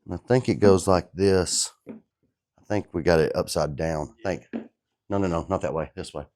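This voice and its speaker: A man's voice: low-pitched, normal speed, darkish tone. Laid-back man filming a garage how-to. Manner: joking, laid-back, talks to viewers as guys. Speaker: DIY truck builder. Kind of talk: casual how-to vlog.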